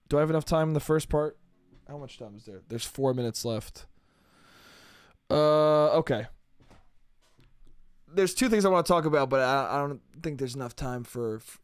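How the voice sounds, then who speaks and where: A man's voice: mid-range voice, clean tone, no room sound, studio quality. A young man hosting a solo podcast, rambling through a comedic monologue, swearing freely and laughing at himself.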